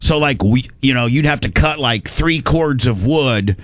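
A man's voice: mid-range voice, measured pace, no room sound. A man from Indiana telling a rambling, folksy story in casual chat, slipping into voices for the people he quotes.

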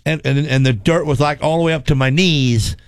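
A man's voice: on the high side, brisk, smooth, dry recording. Folksy man telling a crash story. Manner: animated, repetitive, folksy, laughs often. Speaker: race car driver telling a story. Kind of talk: casual storytelling chat.

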